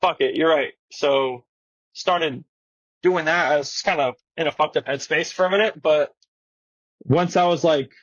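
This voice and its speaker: Young man, slangy laughing storyteller, husky voice, slightly higher pitch, dry studio sound. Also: measured pace, no echo, lo-fi sound. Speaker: guest skateboarder. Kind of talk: casual interview chat. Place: podcast studio.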